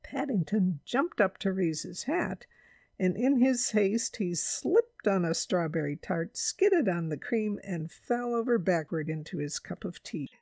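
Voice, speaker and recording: Gravelly woman reading a storybook. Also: medium pitch, sing-song, measured pace, mellow, no room sound.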